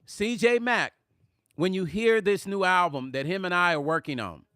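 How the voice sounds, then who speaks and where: A middle-aged man hosting a live music vlog, reading viewer comments aloud in casual chat, animated and emphatic and repeating words for emphasis. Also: sits high, moderate pace, no room sound, clean studio sound. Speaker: music vlogger hosting a livestream.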